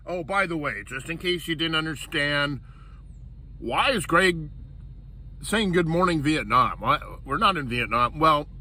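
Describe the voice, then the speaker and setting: Slow, bright-voiced jokey man vlogging. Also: fairly high pitch. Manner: jokey, playful and self-amused. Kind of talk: casual vlog narration. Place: campground outdoors.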